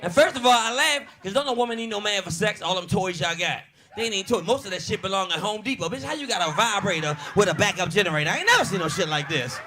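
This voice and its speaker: Brash high-voiced man doing stand-up. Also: animated, fast talker. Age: 40s. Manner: brash, profane storytelling with laughs. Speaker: stand-up comedian. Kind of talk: stand-up comedy routine. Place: comedy club stage. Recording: live club set with loud audience. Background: crowd laughing and club noise.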